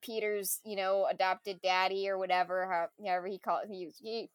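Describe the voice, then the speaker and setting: A woman in casual conversation reviewing a film, animated and full of fillers and laughs. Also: medium pitch, moderate pace, no echo, studio quality.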